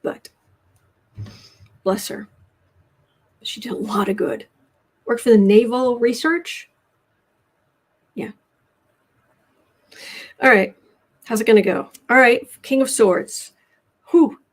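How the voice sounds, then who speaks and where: A woman's voice: a little high, slow pace, pauses often, breathy edge. Chatty woman reading tarot on a livestream. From United States. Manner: chatty, trails off and restarts, reads chat aloud. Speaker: tarot reader livestream host.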